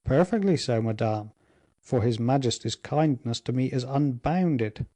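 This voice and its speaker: A man's voice: mid-range voice, animated, unhurried, mellow, close to an everyday voice. A man reading an ardent young duke. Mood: eager. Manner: eager and impassioned.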